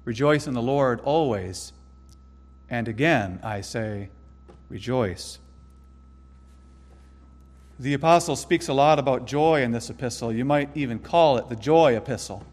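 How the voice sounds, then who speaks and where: A man preaching a sermon, earnest and emphatic, slowing down to stress key phrases. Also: medium pitch, long reverb tail. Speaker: pastor.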